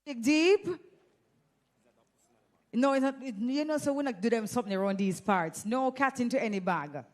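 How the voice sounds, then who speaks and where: A woman's voice: fairly high pitch, lively intonation, fast talker. A woman with a Jamaican accent hosting an audience giveaway on a handheld mic in an event hall, playful and teasing. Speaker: event host. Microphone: handheld microphone.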